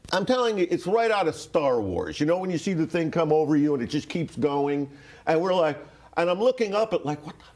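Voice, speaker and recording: A man's voice: fairly high pitch, a little mellow. A man from Rhode Island telling a story casually, rambling with fillers, restarts and swearing. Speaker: interview guest.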